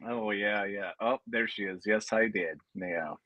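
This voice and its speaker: A man chatting as a guest in a relaxed way, laughing often and filling pauses with "uh". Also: lowish voice, dry recording, dull audio. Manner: laid-back, laughs often, hesitant fillers. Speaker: guest, paranormal investigator. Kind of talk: casual chat. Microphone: video call.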